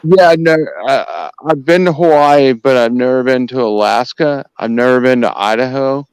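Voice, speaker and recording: A man's voice: medium pitch, normal speed, clean tone, dry recording, poor audio. An American man chatting casually online, often stammering and repeating himself. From United States. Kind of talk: casual livestream chat.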